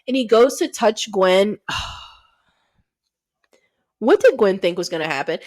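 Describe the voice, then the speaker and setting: A woman co-hosting a podcast, recapping a movie in casual chat, cursing freely and jumping into quick asides. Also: mid-range voice. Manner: profane, animated retelling with quick asides. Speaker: podcast co-host.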